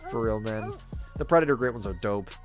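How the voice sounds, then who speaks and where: A man's voice: on the low side, a little fast, over music. A man hosting a live game stream, casually chatting with viewers and reading their messages in a chummy, laid-back way. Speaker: livestream host.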